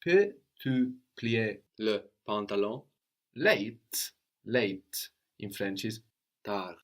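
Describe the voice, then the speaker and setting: A man teaching a language lesson, patient and probing, often checking with a quick "no?". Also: fairly low pitch, animated. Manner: patient, prompts with questions, tag "no?".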